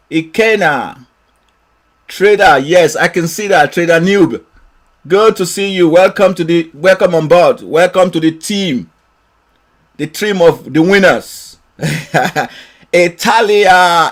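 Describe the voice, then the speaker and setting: Host: man, high voice, unhurried, cheerful stream greeter who laughs often. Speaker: trading mentor hosting a live session. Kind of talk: live-stream greetings to viewers.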